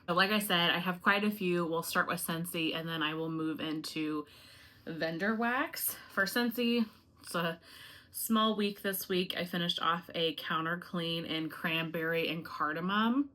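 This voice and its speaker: A woman's voice: deep voice, measured pace, sharp tone. A woman chatting casually and directly to her viewers in a home review vlog, friendly and rambling. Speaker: home fragrance YouTuber.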